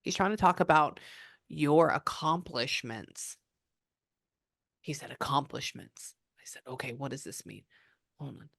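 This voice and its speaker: A woman's voice: low voice, lively intonation, unhurried, creaky, pauses often, a bit bright, no room sound, clean studio sound. A woman psychic medium giving a client reading, chatting and often quoting the spirit's messages.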